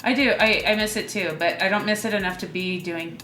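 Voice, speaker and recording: A woman comedian talking as a guest, chatty and animated, with playful asides as she tells her stories. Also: medium pitch, fairly quick. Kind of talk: casual chat, storytelling. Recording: roomy echo.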